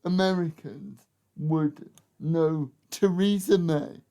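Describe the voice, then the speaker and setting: A man's voice: fairly high pitch, slow pace, warm tone. A man co-hosting a casual podcast chat, chatty and laughing as he interjects. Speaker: podcast co-host.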